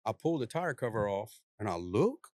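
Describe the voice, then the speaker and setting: A police officer telling a story in casual conversation, laid-back and drawling, lively as he acts out the people in it. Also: lowish voice, moderate pace, no echo, clean studio sound. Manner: animated, acts out the people he quotes in a raised voice.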